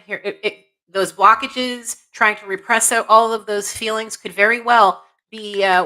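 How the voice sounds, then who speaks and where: A woman's voice: medium pitch, bright, forceful tone, low-quality recording. A woman around forty hosting a live spiritual reading, earnest and encouraging, repeating phrases and checking in with "okay?". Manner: emphatic, repeats phrases, many restarts. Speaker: intuitive reader and live-stream host. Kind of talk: live-stream spiritual reading, answering chat.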